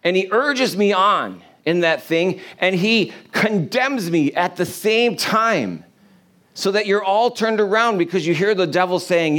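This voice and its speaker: A man's voice: sits high, lively intonation, a little slow, fairly bright tone. A man preaching an informal sermon to a congregation in a room, earnest and conversational, often restarting his phrases. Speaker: pastor.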